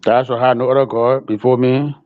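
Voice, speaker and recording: A man with a mid-pitched voice is a guest on a talk show. He agrees with the host and adds bits of scripture. The sound is dull and lo-fi. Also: flat delivery, a little fast. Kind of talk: casual religious discussion.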